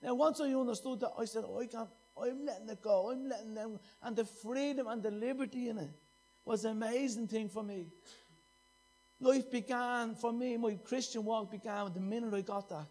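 A man's voice: very high voice, normal speed, darkish tone. A middle-aged man preaching a sermon, impassioned and repeating phrases for emphasis.

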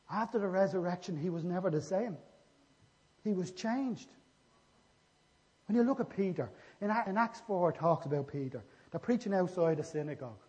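A man's voice: fairly high pitch, dark tone. A man preaching a sermon, retelling scripture stories and acting out the dialogue. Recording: echoey hall, dull lo-fi sound.

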